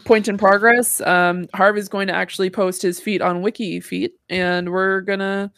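A woman's voice: mid-range voice, flat delivery, moderate pace, fairly bright tone, no echo, clean studio sound. A woman hosting a casual podcast, chatty and full of fillers, often laughing. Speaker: podcast host.

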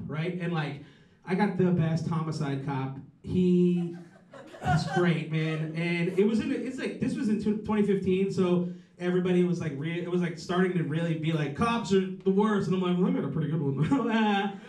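A man doing a rambling, profane stand-up set with dark jokes. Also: on the high side, echoey room, distant mic, rough recording. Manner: rambling, profane, darkly joking. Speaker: stand-up comedian.

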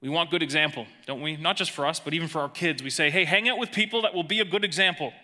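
Male pastor, sermon delivery, very bright tone, emphatic with hushed drops. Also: on the high side, fast. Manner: emphatic, swings between raised emphasis and hushed lines.

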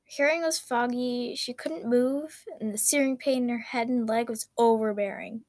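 A woman reading a story aloud in an expressive, dramatic way. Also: on the high side, moderate pace, dry recording.

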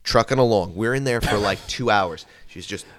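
A man co-hosting a casual comedic chat, telling a story in a profane, animated way. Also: lowish voice, moderate pace. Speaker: podcast co-host.

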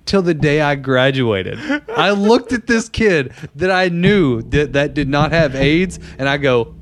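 A young man hosting a casual podcast, telling stories in an animated way and laughing often. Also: on the high side, unhurried, no echo. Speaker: podcast host. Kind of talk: casual chat.

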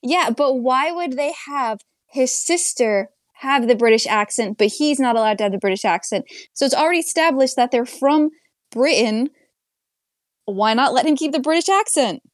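A woman's voice: high-pitched, normal speed, dry recording, studio quality. A young woman co-hosting a casual movie review podcast, blunt and sarcastic in her criticism. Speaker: podcast co-host.

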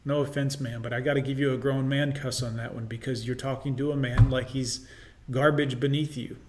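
A man delivers reaction commentary in a blunt, opinionated way. His voice sits at an ordinary middle pitch, and he speaks in a lecturing, matter-of-fact manner. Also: level tone, fairly quick, background noise.

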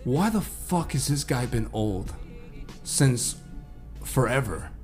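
A man's voice: mid-range voice, expressive, takes it slowly, darkish tone. Guy in his 20s hosting a podcast w/ friends, jokey rambling, cusses, bit of music under it. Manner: joking, swearing, rambling. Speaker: podcast host. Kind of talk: casual chat.

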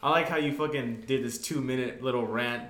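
A man's voice: medium pitch, fairly quick, a bit bright, a little hiss or hum. A man co-hosting a podcast, chatting casually with jokes, swearing and frequent laughter. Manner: joking, profane, laughs often. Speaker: podcast co-host. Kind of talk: casual chat. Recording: echoey room.

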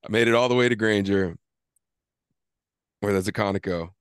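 A man with a low-pitched voice tells a rambling, animated story in casual podcast chat. He swears freely and acts out arguing with himself. The sound is dry and close. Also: normal speed, clear, resonant tone, dry recording. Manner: animated storytelling, swears often, acts out his inner argument. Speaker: podcast co-host.

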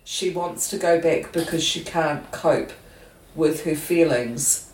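A woman's voice: deep voice, takes it slowly, a little mellow. Dry, teasing woman in an echoey room. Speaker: podcast co-host. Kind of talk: casual episode recap chat. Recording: echoey room with faint noise.

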